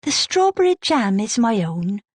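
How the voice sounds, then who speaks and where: A woman voicing a composed, eerie baker's widow who speaks softly in a gentle Gloucestershire accent. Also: fairly high pitch, big pitch swings, unhurried, no echo, voice pushed up. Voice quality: gentle, soft-spoken.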